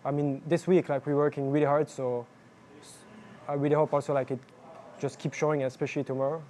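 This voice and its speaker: A young man, a professional gamer, answering post-match interview questions in halting, filler-heavy speech. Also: on the high side, little pitch movement, a little mellow. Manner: halting, filler-heavy, non-native phrasing. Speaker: pro jungler interviewed after a match.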